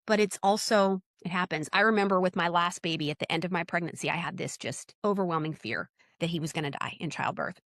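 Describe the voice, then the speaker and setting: A woman's voice: lowish voice, dry recording, studio quality. Emphatic woman telling birth stories. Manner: emphatic, animated, acts out quoted dialogue. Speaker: podcast guest, birth worker. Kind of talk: candid conversational storytelling.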